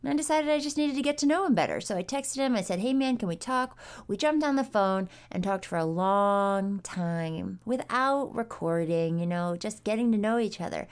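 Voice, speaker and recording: A woman hosting her own podcast, telling her story in a candid, animated way, with frequent swearing. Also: medium pitch, normal speed, hardly any pauses, clear, resonant tone. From New York State, US. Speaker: podcast host. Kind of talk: casual narration and chat.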